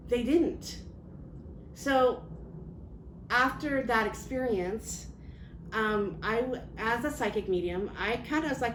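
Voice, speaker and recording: Woman psychic medium telling a story casually. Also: mid-range voice. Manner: rambling, many fillers and restarts, animated. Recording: roomy, faint background noise.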